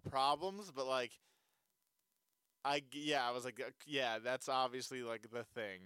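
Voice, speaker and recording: A man's voice: medium pitch, unhurried, bright, forceful tone, clean tone, no room sound. A man chatting casually about a movie, loose and full of fillers, often laughing. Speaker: movie reviewer. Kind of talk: casual chat.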